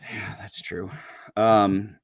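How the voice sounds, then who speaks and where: A man's voice: lowish voice, little pitch movement, extremely slow, dry recording, studio quality. A man hosting a podcast, chatting casually in a rambling way with many fillers. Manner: laid-back, rambling with fillers. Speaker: podcast host. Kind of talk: casual chat.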